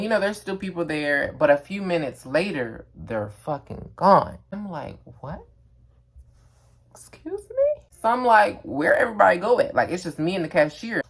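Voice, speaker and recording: A young man telling a casual storytime, animated and emphatic, with lots of slang. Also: mid-range voice. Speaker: vlogger.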